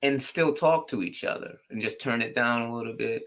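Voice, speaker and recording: A man's voice: mid-range voice, a little fast, fairly bright tone. A man co-hosting a show in loose, rambling, playful chat with his wife. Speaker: co-host. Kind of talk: casual chat.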